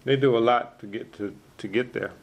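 A calm, affirming speaker in a casual faith discussion, often quoting scripture. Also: medium pitch, fairly quick, gravelly, lo-fi sound, crowd noise. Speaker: church discussion participant.

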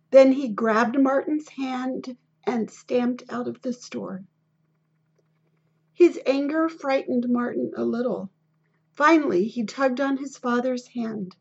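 A woman narrating a children's biography in a steady, deliberate storybook reading, on a dull lo-fi recording. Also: a little high, creaky, breathy edge.

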